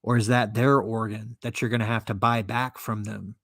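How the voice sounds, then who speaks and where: A man's voice: lowish voice, little pitch movement, moderate pace, no room sound, studio quality. A man hosting a podcast and ranting alone, sarcastic, profane and indignant as he reads from and mocks an article. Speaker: podcast host. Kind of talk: solo commentary rant.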